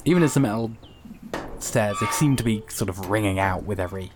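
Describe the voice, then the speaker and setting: A man's voice: lowish voice, fairly quick. A man narrating as game master, hesitant and full of fillers. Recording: noisy background.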